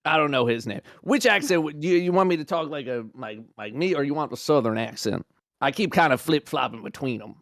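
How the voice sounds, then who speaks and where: A man's voice: fairly high pitch, lively intonation, a little fast, vocal fry, fairly bright tone, no echo, studio quality. A man improvising as a job applicant in a comedic party game, rambling and stammering through restarts. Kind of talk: improvised comedic role-play.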